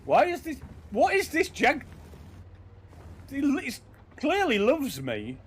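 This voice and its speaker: A man giving casual, sweary, excitable commentary over his own tank gameplay. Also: very high voice, takes it slowly. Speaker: gaming commentator.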